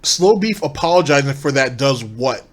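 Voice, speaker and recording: A man's voice: medium pitch, expressive, normal speed. A man hosting a commentary show, reacting critically and sarcastically to a streamer's clips with rhetorical questions. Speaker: commentary channel host.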